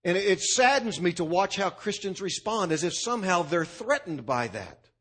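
Animated high-voiced male preacher. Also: normal speed, breathy edge. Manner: emphatic preacher, punchy repeated lists. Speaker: pastor. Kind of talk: sermon.

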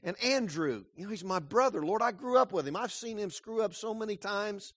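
Guy preacher doing a loud cocky apostle, high-ish voice, really pushing it, dry sound. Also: expressive, fairly quick, no echo. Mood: insistent. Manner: loud, arrogant protesting. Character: brash boastful apostle, grown man, overconfident.

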